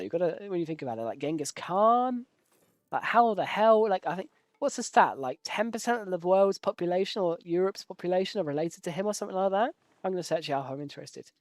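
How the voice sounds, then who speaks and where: A man's voice: high-pitched, dry recording, studio quality. A man giving casual, rambling live commentary while playing a strategy game, joking at his own expense and swearing now and then. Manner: rambling, jokey, self-deprecating.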